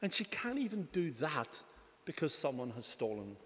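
High-voiced male preacher in a reverberant hall. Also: very animated, normal speed, fairly bright tone, breathy edge. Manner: earnest storytelling, retelling scripture with emphatic repetition. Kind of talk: sermon.

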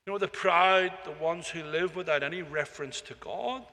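A man preaching a sermon in a relaxed, conversational way, with frequent "you know"s and repeated phrases. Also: a little high, normal speed, creaky. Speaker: pastor. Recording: long hall reverb.

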